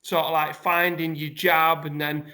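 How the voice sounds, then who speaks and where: A man's voice: a little high, unhurried. A man from the UK, a podcast guest and motivational speaker, telling stories in a casual chat and laughing often. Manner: animated storyteller, laughs often.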